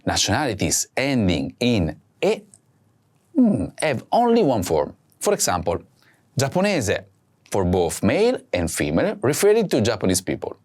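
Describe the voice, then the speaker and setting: A man hosting a language lesson, speaking slowly and clearly and saying each word twice for practice. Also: medium pitch, wildly swooping pitch, darkish tone. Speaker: language teacher host. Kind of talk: slow scripted lesson with repeat-after-me drills.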